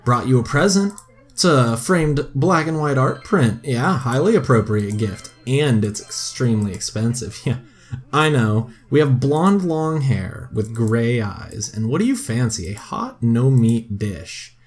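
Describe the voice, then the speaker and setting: Young guy playing a game and talking it through, excitable, yelps when things go wrong, mid-pitched voice. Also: measured pace. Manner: chatty and excitable, often cries out in dismay. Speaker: gaming video host. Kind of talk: casual game commentary.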